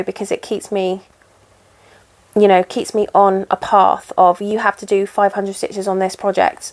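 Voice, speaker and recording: A woman in casual chat while she stitches, rambling and poking fun at herself. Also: mid-range voice. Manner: rambling, chatty and self-deprecating. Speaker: cross-stitch vlogger.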